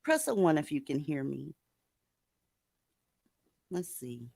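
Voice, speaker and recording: A woman's voice: low-pitched, very animated, slow pace, creaky, mellow, breathy edge, dry recording. A woman hosting a live stream, talking casually with blunt, profane sarcasm to her viewers. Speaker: livestream host. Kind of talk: casual livestream commentary.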